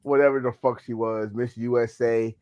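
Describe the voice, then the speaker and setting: A man's voice: medium pitch, fairly even intonation, moderate pace, darkish tone, no echo. A man co-hosting a podcast, telling things in an emphatic, joking and profane way. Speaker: podcast co-host. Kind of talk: casual chat about pro wrestling. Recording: dull, lo-fi sound.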